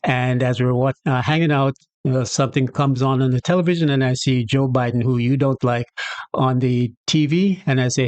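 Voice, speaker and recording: A man's voice: medium pitch, moderate pace, no room sound. Jamaican guy teaching patois, laid back chatty vibe, dry close sound. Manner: relaxed, chatty, acts out little scenarios with quoted voices. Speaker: channel host teaching patois. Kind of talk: casual explanatory lesson to camera.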